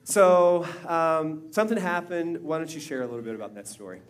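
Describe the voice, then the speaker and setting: Chatty middle-aged man, relaxed talk. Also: a little high, a little fast. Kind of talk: onstage church talk with his daughters.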